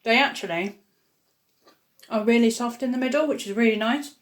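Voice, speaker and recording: A woman's voice: a little high, moderate pace. A woman chatting upbeat while cooking in her home kitchen for a casual vlog. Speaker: YouTuber baking at home.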